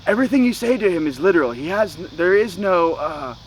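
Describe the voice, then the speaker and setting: Man playing a wisecracking raccoon, quick, a bit higher, brisk. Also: lively intonation, slight background noise, poor audio. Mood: exasperated.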